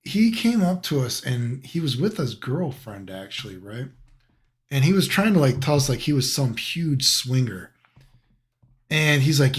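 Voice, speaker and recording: Animated young man telling a story. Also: mid-range voice, unhurried. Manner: animated, laughs often through his telling, casual swearing. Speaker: streamer. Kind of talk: casual storytelling on a live stream.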